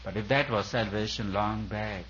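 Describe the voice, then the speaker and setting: A man's voice: fairly low pitch, moderate pace, fairly bright tone, muffled recording, a little hiss or hum. Man preaching in an emphatic, repetitive cadence. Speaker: spiritual teacher. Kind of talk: sermon.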